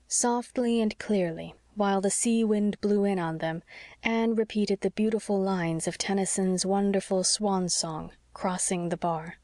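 A woman narrating a classic novel as an audiobook, in a calm, measured storytelling voice. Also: medium pitch, no room sound, clean studio sound. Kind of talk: scripted narration.

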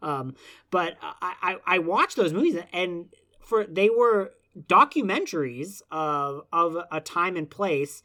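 A man's voice: high voice, animated, slow, pushed and bright. A man co-hosting a casual film podcast, talking in long rambling runs with many restarts and fillers. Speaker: podcast co-host.

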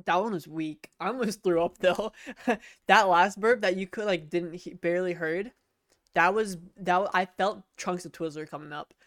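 A woman's voice: on the low side, normal speed, a bit bright, no room sound, studio quality. A woman co-hosting a podcast in casual chat, crude and self-mocking, laughing often. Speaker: podcast co-host.

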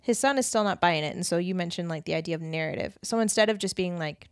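A woman co-hosting a casual faith discussion podcast, talking in an earnest, animated way and acting out quoted lines. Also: on the low side, quick pace, dry recording, studio quality. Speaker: podcast co-host.

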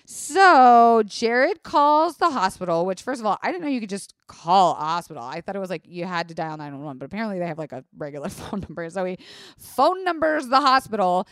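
A woman's voice: mid-range voice, big pitch swings, brisk, fairly bright tone, dry recording, clean studio sound. A woman hosting a podcast, telling a comedic story in a candid, profane, chatty way and acting out her own panic. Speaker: podcast host.

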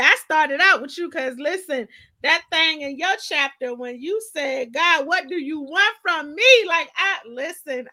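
High bright-voiced woman hosting a faith podcast, preachy and hyped, aave. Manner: lively, preachy, call-and-response. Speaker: podcast host. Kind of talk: casual faith talk.

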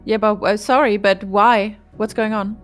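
A woman's voice: medium pitch, steady tone, moderate pace. Woman, tabletop player, urgent questions, faint music behind. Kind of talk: casual tabletop play.

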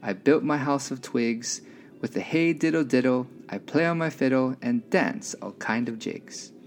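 A man's voice: mid-range voice, unhurried, natural voice. A man voicing a carefree, cheeky little pig in a storybook reading, sing-song and bold. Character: carefree young male pig who fiddles and dances.

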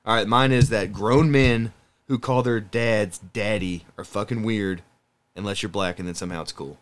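A man's voice: fairly low pitch, steady tone, normal speed. A man co-hosting a casual podcast chat, blunt and opinionated with a lot of swearing. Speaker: podcast co-host.

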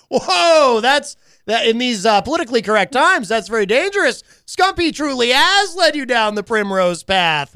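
A man's voice: high voice, sharp tone, dry recording, clean studio sound. A man hosting a radio show in casual chat, teasing his co-host in a playful, mock-dramatic way. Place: radio studio.

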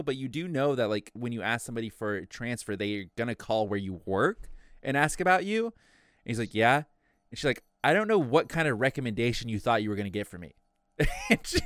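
Young guy ranting a work story, bouncy pitch, dry mic, cusses a lot. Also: clean tone, dry recording. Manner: animated, profane, acts out quotes. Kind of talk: casual podcast chat.

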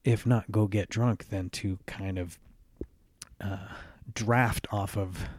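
A man's voice: fairly low pitch, steady tone, takes it slowly, darkish tone, breathy edge, no room sound. A man hosting a podcast, talking earnestly and reflectively on his own, often restarting phrases and adding "right?" asides. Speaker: podcast host. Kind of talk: reflective solo podcast monologue.

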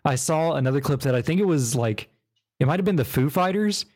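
A man's voice: fairly high pitch, lively intonation, fairly quick, a little mellow. Laid-back rambling podcast host man. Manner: loose and rambling, full of fillers and tangents. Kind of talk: casual chat.

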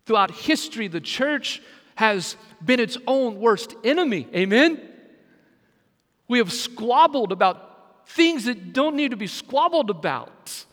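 A man's voice: extremely high pitch, sing-song, unhurried, a bit bright, big-room sound. A man, a senior pastor, preaching a sermon with emphatic delivery and asides that call on the congregation. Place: church sanctuary.

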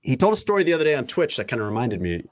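A man's voice: mid-range voice, big pitch swings, rapid-fire. A man hosting a casual talk show, running through news items and teasing his co-hosts. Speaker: host.

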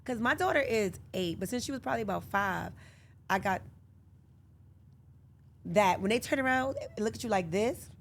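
A woman's voice: mid-range voice, expressive, normal speed, creaky, long pauses, slight background noise. A woman in her thirties, a podcast guest, chatting casually in a studio and acting out family dialogue as she tells stories. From New York. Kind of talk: casual chat.

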